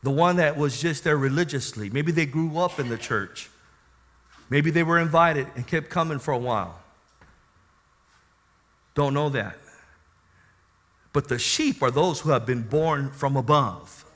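A man preaching a sermon who calls out to the congregation for amens and swings between quiet teaching and loud, rising exclamations. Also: on the high side, measured pace, pauses often. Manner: call-and-response preaching, asks the congregation for amens.

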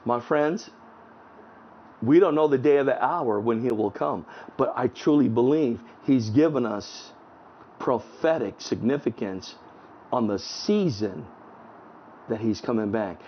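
A man preaching an online sermon outdoors, fervent, swinging between raised exclamations and hushed low tones, reading scripture aloud with emphasis. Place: outdoors in front of a house at sunset. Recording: dull lo-fi recording.

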